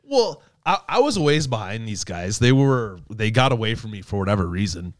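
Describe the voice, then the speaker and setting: Animated man telling a crash story. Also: lowish voice, a little fast, no echo, clean studio sound. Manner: animated, swearing, acts out his own words. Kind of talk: casual chat.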